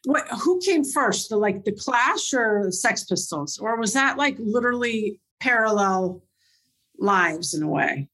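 A woman's voice: on the high side, lively intonation, a bit bright. Chatty woman interviewer. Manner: eager, chatty, quick follow-up questions. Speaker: podcast host. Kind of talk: casual interview chat.

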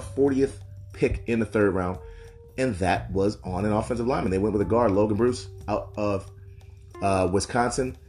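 A man's voice: on the low side, a little mellow. A man giving loose, conversational solo commentary on football draft picks, with frequent asides. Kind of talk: casual solo sports commentary.

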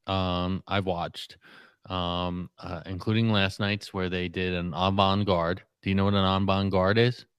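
Deadpan low-voiced podcast co-host. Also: male voice, unhurried, clean tone, dry recording. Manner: deadpan, self-mocking boasts. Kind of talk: casual banter.

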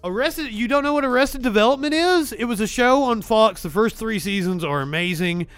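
Animated, profane male talk show host. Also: sits high, a little fast, smooth, no echo, faint music behind. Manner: profane, laughing, rambling. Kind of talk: casual livestream chat.

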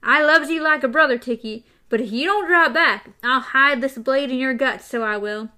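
Woman playing a frantic, cornered male thug. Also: normal speed. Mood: panting threat. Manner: loud, high and frantic, with rough folksy grammar.

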